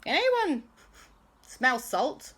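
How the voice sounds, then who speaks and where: A woman voicing a brisk, cheerful female time-travelling Doctor who gives upbeat commands. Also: high voice, sing-song, fairly bright tone, husky, voice pushed up, full character voice.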